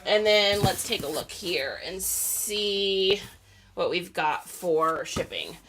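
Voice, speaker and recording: A woman's voice: lowish voice, animated, slow, fairly bright tone, slight background noise. A woman, chatting casually with viewers on a live stream as she packs items to ship. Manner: chatty, talks to viewers and reads their comments. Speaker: reseller live-streaming while packing orders.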